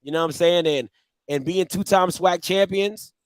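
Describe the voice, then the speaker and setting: A man's voice: high voice, moderate pace, clear, resonant tone, dry recording. Emphatic man hosting a sports talk show. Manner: emphatic, leans on "listen" and "at the end of the day". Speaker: show host.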